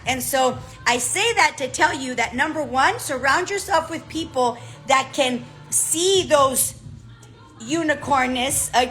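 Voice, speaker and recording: A woman coach giving a direct, animated motivational talk, often checking in with "okay?". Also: sits high, low-quality recording. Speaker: business coach.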